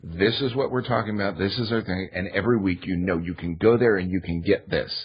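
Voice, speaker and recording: A man's voice: deep voice, brisk, husky, lo-fi sound. A man on a podcast chatting casually as a guest, rambling with many fillers. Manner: rambling, filler-heavy storytelling.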